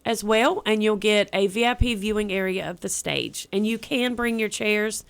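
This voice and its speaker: Bubbly young woman, smooth voice. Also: mid-range voice, normal speed. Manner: chatty, bubbly, repeats words. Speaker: event organizer guest. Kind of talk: casual radio interview.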